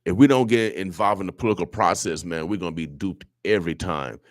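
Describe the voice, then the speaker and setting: A very deep-voiced man hosts a radio show and speaks in an impassioned, preachy way, circling back and repeating his points. His voice is recorded dry and close in a studio, with no room sound. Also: fast, dry recording. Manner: preachy, repetitive, emotional. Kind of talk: impassioned talk radio monologue.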